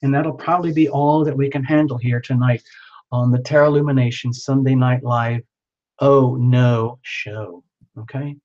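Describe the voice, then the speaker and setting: A man's voice: mid-range voice, fairly even intonation, normal speed, darkish tone. A man hosting a live tarot reading stream, talking in an earnest, rambling way full of filler words. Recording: slightly dull lo-fi audio.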